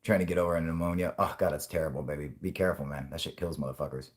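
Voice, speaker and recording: A man's voice: very deep voice, steady tone, rapid-fire. A man in his twenties hosting a casual livestream, stoned and rambling, swearing constantly and laughing often. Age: 20s. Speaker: channel host.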